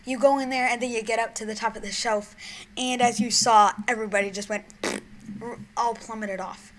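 A young woman giving gameplay commentary on her own channel, excitable, shrieking and giggling, then dropping to mumbled whispers. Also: fairly high pitch, brisk, a little hiss or hum, poor audio. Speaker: gaming YouTuber.

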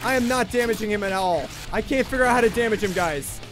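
A young man streaming a game live, chatting with viewers in an excitable, jokey way and repeating himself when he panics. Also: high voice, quick pace, over music. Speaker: gaming livestreamer. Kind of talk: excitable live gameplay commentary.

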